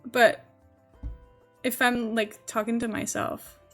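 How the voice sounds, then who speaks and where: A woman's voice: fairly high pitch, little pitch movement, slow pace, a bit bright, soft background music. A young Dutch-born woman streamer with a mixed American-British accent, chatting casually in a rambling way with lots of fillers. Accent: mixed Dutch-born English, partly American, partly British. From Netherlands. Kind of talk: casual chat while game streaming.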